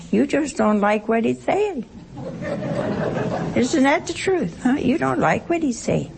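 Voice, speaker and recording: A woman's voice: fairly high pitch, very animated, unhurried, creaky, a little mellow, a little hiss or hum. A woman teaching a Bible study to a group, talking conversationally and expressively with rhetorical questions and playful asides.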